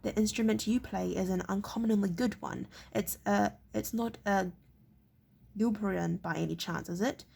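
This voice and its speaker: A haughty, thin-skinned castle lord, as a woman reads him aloud from a storybook, stern and clipped. The voice is gravelly with a husky edge. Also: mid-range voice, fairly even intonation, moderate pace, a little mellow. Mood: irritable. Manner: stern and clipped, often stumbling on words.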